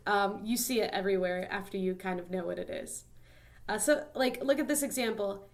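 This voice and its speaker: A woman's voice: medium pitch, brisk. A young woman teaching a casual lesson, explaining in a chatty way with many ums and likes.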